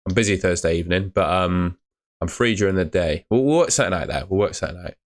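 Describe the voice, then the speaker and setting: Low-voiced guy chatting on stream. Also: expressive, quick pace. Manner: casual, chatty, uses mate and fillers. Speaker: fantasy football streamer. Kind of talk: live stream chat reading comments.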